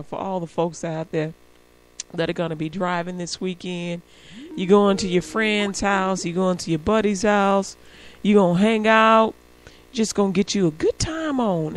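A woman radio host telling a story in a casual on-air monologue. She acts out the voices of the people in it and laughs often between remarks. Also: mid-range voice. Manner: animated storyteller acting out quoted voices. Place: radio studio.

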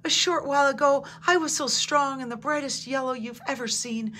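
A gentle, sorrowful young dandelion from a storybook, as a woman reader puts her on. She talks softly and wistfully, a little higher and brighter than the narrator. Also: normal speed, slight background noise.

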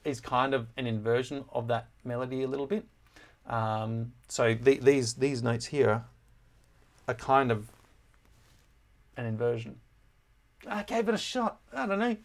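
A male music teacher talks through a score in a loose, easygoing voice, with ums and quick corrections scattered throughout. His pitch sits in a middle range, neither deep nor high. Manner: relaxed, chatty, with many fillers and self-corrections. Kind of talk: casual score walkthrough.

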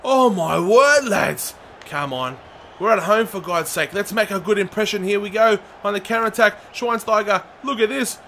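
A man commentating his own football video game, excitable and shouting at the players and the referee. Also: high voice, normal speed, a little hiss or hum. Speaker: gaming channel host.

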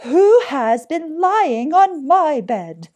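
A woman's voice: very animated, drawn-out words, full character voice. A woman doing a fussy middle-sized bear. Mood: complaining. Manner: high, loud, complaining.

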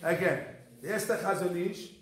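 A man's voice: high-pitched, normal speed, fairly bright tone. A man, a rabbi, teaching a Torah class in an emphatic, repetitive manner, his English mixed with Hebrew terms. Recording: echoey room.

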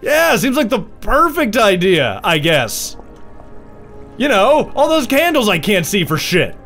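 High-voiced sarcastic guy doing a game commentary, bounces all over, faint music under it. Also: measured pace. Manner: sarcastic, excitable. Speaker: let's play host. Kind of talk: casual gameplay commentary.

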